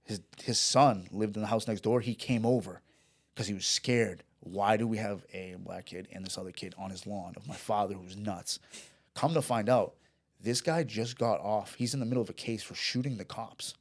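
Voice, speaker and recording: A man's voice: on the low side, moderate pace. A man telling a story in a casual chat, rambling and profane, with restarts and acted-out dialogue. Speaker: podcast guest.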